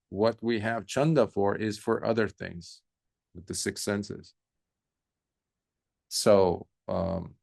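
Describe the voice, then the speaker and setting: Brief: male monk teacher, relaxed unhurried talk, low, some vocal fry. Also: dry recording, clean studio sound. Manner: relaxed storytelling with fillers. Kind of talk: dharma talk.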